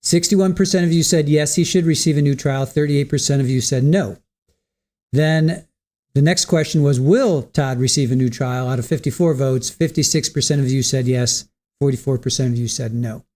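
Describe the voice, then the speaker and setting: A man's voice: medium pitch, normal speed, darkish tone. Hesitant man thinking aloud on a livestream. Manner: reads viewer comments and answers them. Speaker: livestream host. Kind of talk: casual commentary reading chat.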